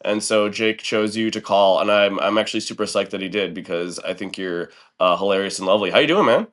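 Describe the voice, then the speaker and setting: A man hosting a podcast in casual chat, reacting quickly and laughing easily. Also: on the low side, a bit bright. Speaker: podcast host.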